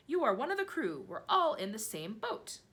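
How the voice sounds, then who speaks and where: A woman's voice: high voice, very animated, moderate pace, a bit bright, pitched above the performer's own voice, exaggerated voice. A woman voicing a kindly, motherly female ladybird who reassures in a fluttery way for a storybook.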